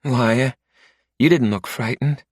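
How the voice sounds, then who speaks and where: A man voicing a soft, tearful young woman in a narrated story. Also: medium pitch, slow, no room sound, clean studio sound, pitched above the performer's own voice. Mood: teasing.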